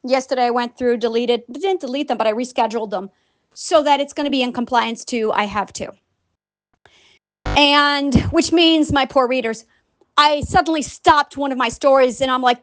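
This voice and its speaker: High-voiced rambling woman podcaster. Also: moderate pace, dry recording. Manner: rambling, animated, quoting herself. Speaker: podcast host. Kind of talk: casual solo monologue.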